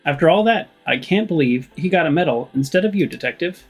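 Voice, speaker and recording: A man reading the lines of a loyal male police officer in a detective game, quiet and earnest. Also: a little high, animated, brisk, slightly rough, soft background music.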